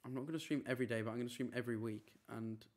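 Reading his chat aloud in a loose, conversational way, a male streamer speaks at a middle pitch without any strain. The talk is casual live-stream chatter, and he stays easygoing, quickly shrugging off teasing.

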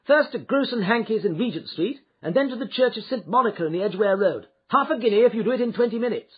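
A man reading an audiobook, voicing a hurried, excited young male lawyer who shouts urgently, on a dull lo-fi recording. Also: high voice, breathy edge, voice pushed up.

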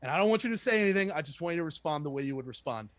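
A man who works as a sales trainer, giving a lively, conversational lesson and acting out sample phone calls. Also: a little high, racing, no room sound. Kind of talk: casual instructional talk with role-played calls.

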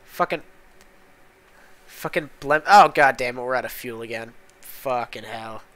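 A man's voice: medium pitch, unhurried, fairly bright tone, no room sound. A man hosting a casual gameplay commentary, muttering in frustration with lots of swearing as he plays. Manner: profane, exasperated muttering. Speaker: gaming channel host.

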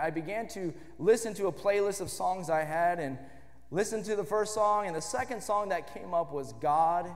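A man preaching a fervent sermon in a church, rising to shouts on lines of praise. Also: high-pitched, in a large hall. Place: church sanctuary.

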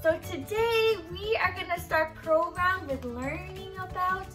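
A young woman leading a children's circle-time lesson, talking in a sing-song, encouraging way pitched to small children. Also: a little slow, over music. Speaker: early-years program leader.

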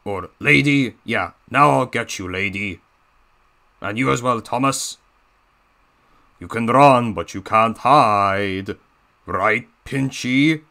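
A scheming villainous diesel engine voiced by a man growls slow, drawn-out taunts in a put-on Russian accent. The voice is gravelly and crawls along at a very slow pace. Its tone is tense and sharply bright. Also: medium pitch, heavily acted. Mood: menacing taunting.

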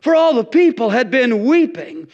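A middle-aged male pastor preaching a sermon in an animated, folksy storytelling manner with repeated restarts. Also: very high-pitched, moderate pace, gravelly. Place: church. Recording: dull lo-fi recording.

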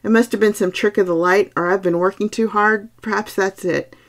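A woman's voice: medium pitch, fairly even intonation, fairly quick, close to an everyday voice. A woman voicing a frightened young Victorian husband who talks in an urgent, agitated way. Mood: relieved.

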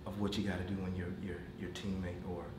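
Animated storyteller man, echoey and far. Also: low-pitched, fast. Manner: animated storytelling, laughing as he tells stories; addresses the audience directly and playfully. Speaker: motivational speaker. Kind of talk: motivational speech to a business team. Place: corporate meeting room. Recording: echoey room from far off, noisy.

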